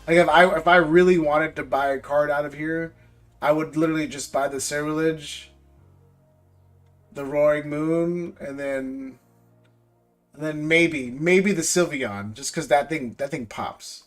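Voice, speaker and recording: A man's voice: fairly high pitch, unhurried, fairly bright tone, soft background music. Rambling man on a livestream. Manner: rambling, repeats words, ranting. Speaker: live stream host opening card packs. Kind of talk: casual livestream chat.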